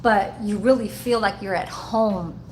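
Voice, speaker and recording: A woman's voice: mid-range voice, measured pace, a little hiss or hum, poor audio. A woman who works in a care-home kitchen, chatting loosely and rambling, with plenty of cussing. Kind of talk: casual vlog chat.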